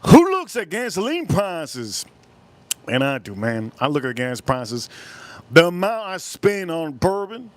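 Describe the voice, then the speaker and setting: A man's voice: fairly high pitch, wildly swooping pitch. Rambling Miami-accented man. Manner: rambling, drawn-out words. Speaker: live-stream host. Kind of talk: casual live-stream chat. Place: cold room at home.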